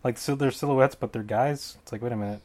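A man's voice: medium pitch, quick pace, a little mellow. A man hosting a casual solo podcast, rambling through fight predictions in a jokey way and often correcting himself mid-sentence. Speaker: podcast host.

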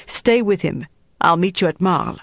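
A man's voice: high-pitched, unhurried, creaky, a bit bright, dry recording, studio quality, heavily acted. A man narrating a novel voices a cold, menacing male German officer in a clipped, commanding tone.

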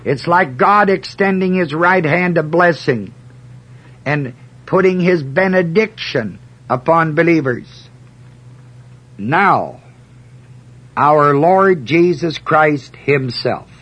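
Slow, husky-voiced man teaching scripture. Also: fairly high pitch, lively intonation, fairly bright tone, dull audio. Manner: slow and deliberate, emphatic on key words; reads scripture aloud in a measured cadence. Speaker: Bible teacher. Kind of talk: verse-by-verse Bible teaching.

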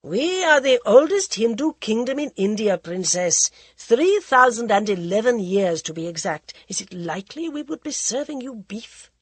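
A woman's voice: on the high side, animated, normal speed, few pauses, breathy edge, no room sound, pitched above the performer's own voice. Woman voicing a sardonic aloof prince. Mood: mocking. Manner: cool, sardonic, condescending. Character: mocking aloof young male prince.

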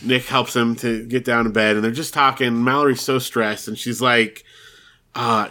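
A man's voice: mid-range voice, moderate pace, pushed and bright. A man co-hosting a podcast, casually recapping a TV episode, laughing often and acting out the characters' lines. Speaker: podcast co-host.

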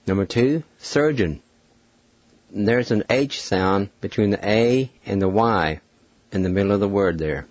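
A man hosting a radio language lesson, spelling out words letter by letter and sounding out each syllable slowly and deliberately. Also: on the low side, dry recording, muffled recording. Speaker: radio host teaching a language.

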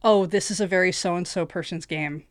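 A woman's voice: fairly low pitch, normal speed, no room sound. A female streamer in casual panel chat, telling candid stories about her streams. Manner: candid, storytelling.

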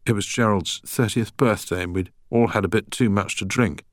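A man's voice: fairly low pitch, moderate pace, dry recording, clean studio sound, pitched above the performer's own voice, natural voice. A man voicing a well-spoken young man who is a recovering heroin addict, hesitant and uneasy. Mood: nervous, confessing.

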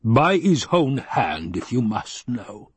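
A man reading an audiobook and voicing a scheming, gluttonous baron, speaking slowly and coldly. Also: sing-song, breathy edge, no echo, exaggerated voice. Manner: slow, low, cold and calculating. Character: scheming, gluttonous male baron, cold and wary.

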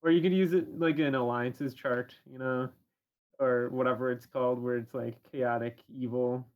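Flat-voiced, hesitant man. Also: medium pitch, moderate pace, lo-fi sound. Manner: hesitant, full of uhs and ums. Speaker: podcast co-host. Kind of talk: casual chat.

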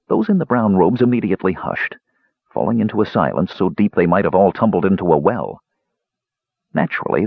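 A man narrating a fantasy novel in measured, expressive storytelling. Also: lowish voice, creaky, husky, dry recording, dull audio. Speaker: audiobook narrator. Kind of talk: scripted narration.

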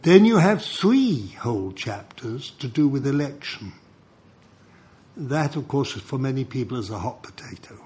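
Slow, lively older male preacher. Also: mid-range voice. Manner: animated, chuckles between points. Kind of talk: sermon with storytelling.

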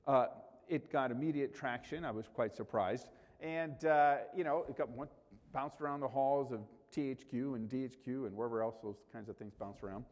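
A man's voice: medium pitch, normal speed, a little mellow, in a large hall. A male pastor preaching a sermon in a conversational way, rising sharply for emphasis.

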